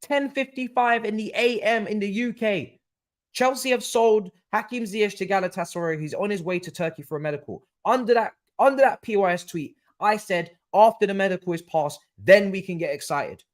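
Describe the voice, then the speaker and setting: A young man hosting a live football watchalong, chatting casually, repeating himself and swearing, going from mumbled asides to loud exasperated rants. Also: high voice, moderate pace. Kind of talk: casual live-stream chat.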